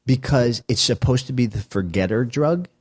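A man's voice: medium pitch, lively intonation, moderate pace, breathy edge, no echo, clean studio sound. A middle-aged man telling a wild story in casual chat, swearing and acting out the voices of the people in it. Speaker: guest.

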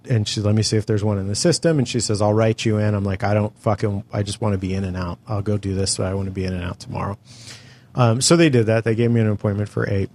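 The lowish, slightly mellow voice belongs to a middle-aged California man co-hosting a podcast. In casual conversation he spins a long story, exasperated and full of profanity.

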